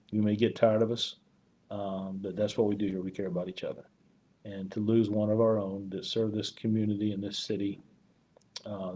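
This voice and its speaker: A man, a police chief, talking warmly and haltingly on a live community stream, choked up at times and full of fillers. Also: fairly low pitch. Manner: heartfelt, rambling, frequent fillers. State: choked up with emotion.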